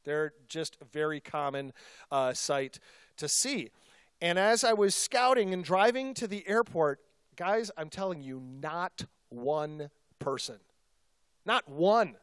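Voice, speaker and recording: A male pastor telling a personal story in a sermon, in a conversational, self-deprecating and animated way. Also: fairly high pitch, slow pace, clear, resonant tone, no echo, clean studio sound.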